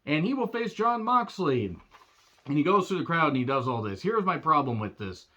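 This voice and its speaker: A man giving a casual recap of a wrestling show, sarcastic and blunt, often clearing his throat. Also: fairly high pitch, very animated, normal speed, bright, forceful tone, lo-fi sound.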